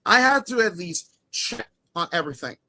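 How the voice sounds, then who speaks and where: Bright-voiced angry man. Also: high-pitched, animated, moderate pace, a little hiss or hum. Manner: angry, repeats himself, swears a lot. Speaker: guest. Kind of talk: heated argument.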